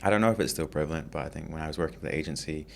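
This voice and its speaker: A male content creator talks as a podcast guest. His voice is very deep, and his delivery is relaxed and easygoing, full of 'you know' and light chuckles. Faint background hiss sits under it. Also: rapid-fire, creaky. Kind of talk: casual interview chat.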